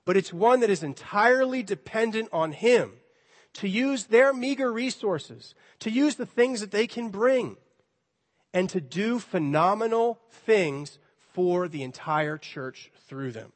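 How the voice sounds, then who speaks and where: A pastor's sermon echoes with long reverb through a church sanctuary. His voice is high and expressive, a little slow, and his delivery is conversational and lightly playful as he acts out the dialogue of the characters in his story.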